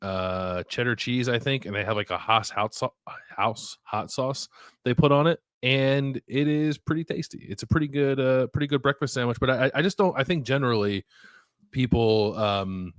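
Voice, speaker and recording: A man's voice: medium pitch, moderate pace, clean tone, no room sound, clean studio sound. A man co-hosting a podcast, chatting casually and rambling with lots of fillers, trailing off at the ends of thoughts. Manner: rambling, heavy use of "like" and "uh", trails off softly. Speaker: podcast co-host. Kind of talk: casual chat.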